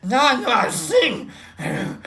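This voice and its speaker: A host spins a rambling, casual story and bursts into acted-out shouts along the way. The voice swoops high and low with lively pitch. The tone is bright and forceful. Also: unhurried, creaky. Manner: rambling, animated, acts out scenes with shouts. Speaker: show host.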